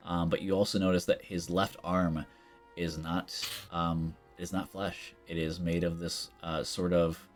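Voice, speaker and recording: Very deep-voiced male game master. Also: little pitch movement, a little slow. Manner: loose, rambling narration full of fillers. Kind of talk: narrating a tabletop game. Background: faint background music.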